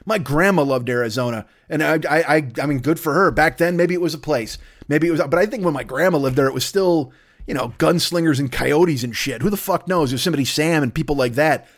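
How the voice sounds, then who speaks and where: A man's voice: a little high, fairly quick. A man hosting a podcast, delivering a profane, comedic rant monologue. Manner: profane, ranting, swears constantly. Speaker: podcast host.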